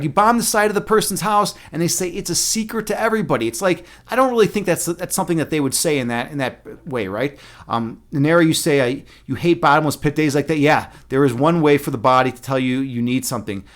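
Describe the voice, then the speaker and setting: A man's voice: a little high, brisk. A young man streaming live, rambling casually with lots of fillers and swearing.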